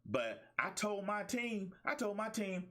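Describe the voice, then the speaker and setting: A man's voice: sits high, sing-song, unhurried, bright, forceful tone. A middle-aged man hosting a talk show as a life coach, delivering a fired-up, preachy monologue with emphatic repetition and colloquial speech. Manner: preachy, emphatic, repeats phrases.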